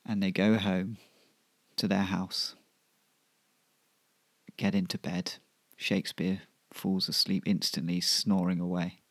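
A man telling a comic serial story in a deadpan, unhurried manner. His low voice is gravelly and husky, recorded close and dry. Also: no echo.

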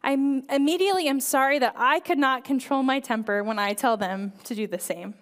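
High-voiced earnest woman giving a sermon. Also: a little fast, long reverb tail. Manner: earnest and conversational, frequent "right?" and "um". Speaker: kids director speaking at church. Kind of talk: sermon talk.

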